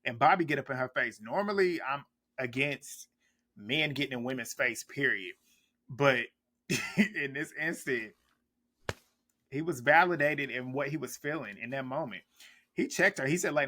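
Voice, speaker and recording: A man's voice: mid-range voice, expressive, moderate pace, sharp tone. A man recapping a reality TV episode in a casual reaction vlog, blunt and profane, laughing often as he talks.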